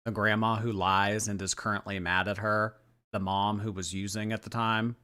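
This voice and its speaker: A man's voice: lowish voice, flat delivery, moderate pace, bright, forceful tone. A man hosting a livestream, giving sarcastic, chatty commentary and thanking viewers. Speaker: livestream host. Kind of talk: casual commentary stream.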